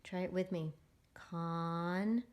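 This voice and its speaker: A woman teaching a phonics lesson to young readers. She is patient and encouraging, and she sounds out words slowly for the children to repeat. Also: mid-range voice, a little mellow. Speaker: reading teacher.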